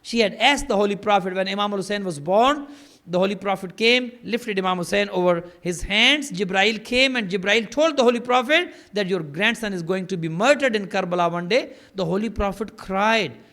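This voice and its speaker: A man's voice: high voice, moderate pace, sharp tone. A man preaching an impassioned mourning sermon, telling stories and building to fervent, grief-laden emphasis. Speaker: maulana preaching at a mourning gathering.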